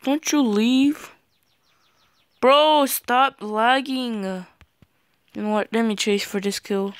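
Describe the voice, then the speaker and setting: A teenage boy giving casual commentary over a shooter game. He yelps and shouts at the game, his voice cracks when he yells, and he stumbles over fillers when he talks to his viewers. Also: sits high, normal speed, dry recording. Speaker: gaming channel host. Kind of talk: gameplay commentary.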